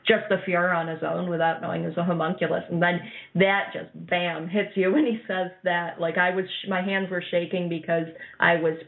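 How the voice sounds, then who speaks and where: A woman's voice: on the low side, flat delivery, fairly quick, gravelly, hardly any pauses. A woman co-hosting an anime podcast, chatting casually and eagerly, often agreeing and recalling details. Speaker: podcast co-host. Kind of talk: casual chat reviewing an anime. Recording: tinny phone-like line.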